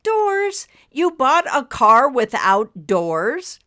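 A snapping, exasperated wife whose voice leaps high and loud on her protests , as a woman acts her out in a storybook. Her scolding is sharp and lively. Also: drawn-out words, exaggerated voice.

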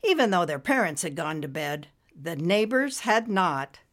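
A woman reading a story aloud as narrator, expressive and lively. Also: on the low side, measured pace.

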